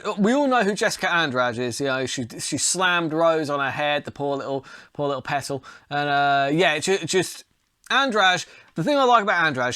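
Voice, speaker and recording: A young man hosting a fight-betting show, talking casually and profanely, thinking out loud as he goes. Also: a little high, no room sound, studio quality. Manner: profane, chatty, talks himself into things. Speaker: podcast host, fight tipster.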